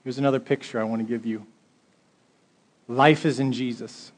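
A man's voice: medium pitch, steady tone, moderate pace, long pauses. A male pastor preaching a sermon, reading scripture aloud and building to emphatic exhortation in a conversational way.

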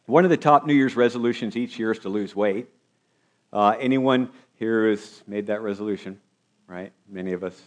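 Man, pastor, sermon delivery, lowish voice, questions to the congregation. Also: normal speed. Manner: preaching with rhetorical questions to the congregation.

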